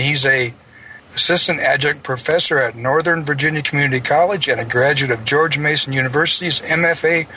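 A male radio host with a bright, forceful voice introduces his guest. He rambles and stumbles along, with faint noise behind him. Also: fairly high pitch, rough recording. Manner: halting, rambling, full of fillers and restarts. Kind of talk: live radio hosting.

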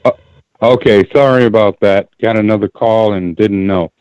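A man calling in to a radio show, making his point deliberately and emphatically and repeating key phrases. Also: lowish voice, a little mellow, clean tone, dry recording. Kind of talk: call-in radio commentary. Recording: dull lo-fi call audio.

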